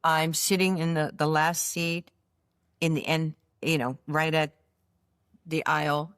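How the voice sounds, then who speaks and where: An older woman, a basketball coach, telling lively stories in an interview and acting out the dialogue. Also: sits low, measured pace, clear, resonant tone, no room sound, studio quality. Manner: lively storyteller who acts out quoted dialogue. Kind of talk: storytelling interview.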